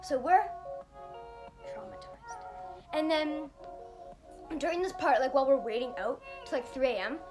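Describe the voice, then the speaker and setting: A woman's voice: high voice, animated, moderate pace, pauses often, over music. A young woman telling a storytime vlog in casual chat, rambling with many fillers and acting out what people said. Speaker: vlogger.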